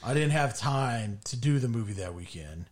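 A man co-hosting a laid-back podcast, talking with a lively, swinging pitch. His tone stays easygoing and conversational throughout. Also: normal speed. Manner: relaxed, conversational, wraps up the show. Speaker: podcast co-host. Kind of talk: casual chat. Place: home podcast studio.

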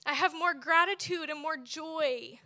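Bright-voiced woman preaching a testimony. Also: high-pitched, measured pace. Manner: expressive storytelling with laughs. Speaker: speaker at church. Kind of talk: personal testimony sermon.

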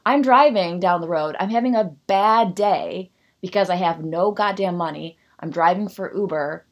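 A woman's voice: on the low side, moderate pace. Ranting sarcastic woman in her thirties. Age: 30s. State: out of breath. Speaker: podcast host. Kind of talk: solo podcast monologue.

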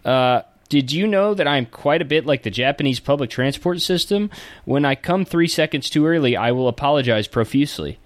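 A man in casual comedic chat, reading jokes aloud in a deadpan way. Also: a little high, brisk, dry recording.

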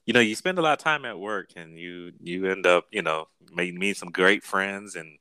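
Deep-voiced male guest, crisp and bright. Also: moderate pace, no room sound. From California. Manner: relaxed, laughs often. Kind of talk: conversational storytelling.

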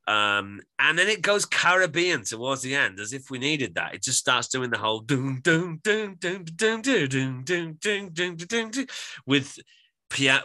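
A man's voice: lowish voice, pushed and bright. A man co-hosting a podcast, giving an opinionated, rambling album review in casual chat. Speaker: podcast co-host.

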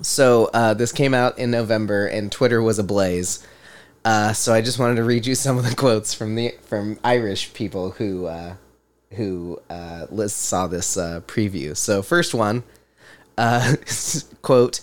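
A man's voice: fairly low pitch, animated, takes it slowly. Laughing male podcast host. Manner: laughing often, reading quotes aloud. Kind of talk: casual chat.

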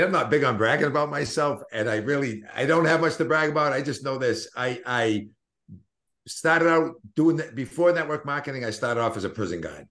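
This is a man in his fifties with a Boston accent, speaking at a middle pitch. He talks earnestly and motivationally as an interview guest. His storytelling rambles and circles back with many restarts. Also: fairly bright tone. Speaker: network marketing guest.

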